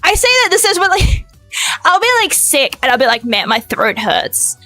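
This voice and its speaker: A young adult woman streaming in casual chat, excitable and emotive, talking loud and fast with big swings in pitch. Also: no room sound, soft background music.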